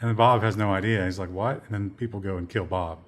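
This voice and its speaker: A man's voice: lowish voice, steady tone, fast talker, a bit bright. A man co-hosting a casual tech news discussion, sardonic, acting out quoted people in mocking voices. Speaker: co-host.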